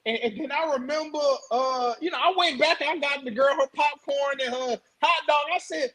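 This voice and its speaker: A man hosting a podcast, telling a story in casual chat, animated, with many stammered restarts. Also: extremely high pitch, moderate pace, poor audio. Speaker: podcast host.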